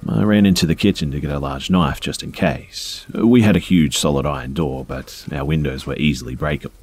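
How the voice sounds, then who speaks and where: Male narrator for scary story readings: extremely low voice, breathy edge, calm and measured. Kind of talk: reading first-person scary stories aloud.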